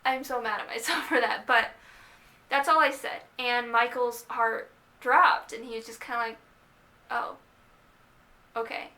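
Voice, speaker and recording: A young woman casually telling the story of how she started dating, chatty and animated, quoting herself and others as she goes. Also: on the high side, moderate pace. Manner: chatty, animated retelling with quoted asides. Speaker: vlogger.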